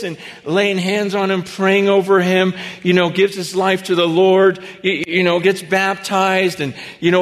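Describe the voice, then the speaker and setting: Animated high-voiced preacher in a reverberant hall. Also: male voice. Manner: animated storytelling, swings from hushed to shouting. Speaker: pastor. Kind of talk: sermon.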